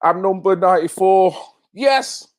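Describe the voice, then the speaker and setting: Slow-talking Mancunian man on a live stream. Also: high voice. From North Manchester, England. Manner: banter, swearing, reacting to viewers by name. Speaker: livestream host. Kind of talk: live-stream chat reading.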